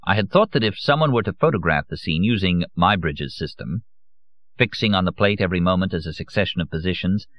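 A man reading a novel aloud as an audiobook narrator, in a measured, grave manner. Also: sits low, expressive, no echo, dull audio.

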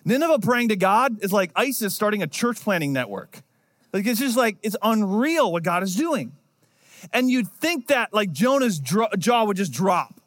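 A man preaching a sermon in a conversational, storytelling way, acting out quotes as he goes. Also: high-pitched. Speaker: pastor.

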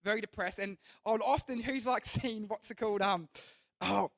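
A man's voice: high-pitched, moderate pace, creaky, fairly bright tone, no echo. A young man preaching to a youth group as their pastor, earnest and rambling, often restarting his sentences. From Australia. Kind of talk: youth sermon.

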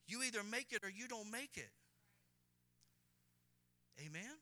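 A man preaching a sermon to a congregation, swelling into loud, fervent delivery and acting out prayers in the first person. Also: sits high, lively intonation, takes it slowly, pauses often. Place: church.

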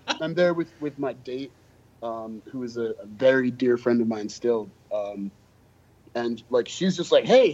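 A man, a podcast guest, casually telling self-deprecating anecdotes about his time as a drummer. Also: medium pitch. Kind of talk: casual storytelling. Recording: dull, lo-fi podcast audio.

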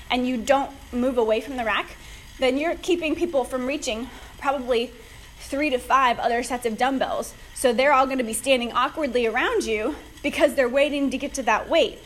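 High-voiced woman podcaster, a bit winded. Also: moderate pace, a little hiss or hum, low-quality recording. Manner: upbeat, chatty, gives advice directly. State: slightly out of breath from cycling. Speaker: podcast host, fitness coach. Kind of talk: casual solo podcast talk.

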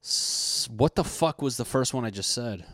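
A man's voice: medium pitch, animated, normal speed, a bit bright, no echo, clean studio sound. A man hosting a solo podcast from his apartment, rambling casually with heavy swearing and crude jokes. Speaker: podcast host.

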